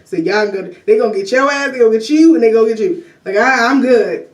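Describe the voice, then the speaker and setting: Brief: rambling woman commentator, fairly high voice, echoey room, off-mic. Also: quick pace, lo-fi sound. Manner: rambling, lots of "you know" and "like", laughs often. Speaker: vlogger. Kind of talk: casual political commentary. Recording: roomy echo, distant from mic.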